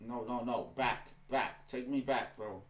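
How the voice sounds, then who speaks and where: A man's voice: mid-range voice, unhurried. A man hosting a reaction video, ranting in heated, exasperated commentary and saying "bro" often. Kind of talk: ranting commentary over a clip. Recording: roomy echo.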